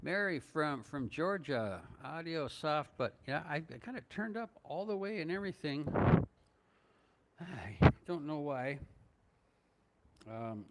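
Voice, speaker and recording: An older man from northern Minnesota, USA, vlogs on a casual live stream, answering viewers' chat questions in a rambling, hesitant way full of fillers and chuckles. His voice is a little high and sing-song, his pace slow, with background noise present.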